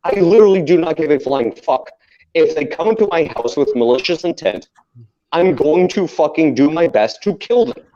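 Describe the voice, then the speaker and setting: A man's voice: on the high side, expressive, normal speed, dark tone, slight background noise. Man ranting heatedly, full of swearing. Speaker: podcast co-host. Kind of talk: casual chat. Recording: dull lo-fi sound.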